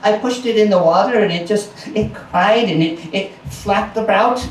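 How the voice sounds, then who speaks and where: At a small house concert venue, a man with a high-sitting voice tells a folk tale live to a small audience at a moderate pace. He's playful and adds chatty asides. The live recording is roomy and distant, with a little hiss or hum.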